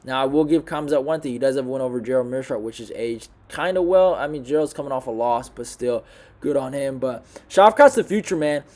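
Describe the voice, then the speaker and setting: A young man talking through a fight card off the cuff, blunt and heavy on swearing. His voice sits at an ordinary middle pitch, low and mumbly in the quiet stretches. When something annoys him he gets loud and heated. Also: brisk. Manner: blunt and profane, swings into loud rants. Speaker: MMA commentator. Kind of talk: casual fight recap monologue.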